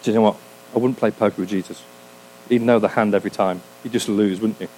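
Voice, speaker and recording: A man's voice: fairly low pitch, fairly even intonation, fast, warm tone, rough recording. A man preaching a sermon in a humorous, conversational way, often asking his listeners questions. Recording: faint hum, sermon recorded for a podcast.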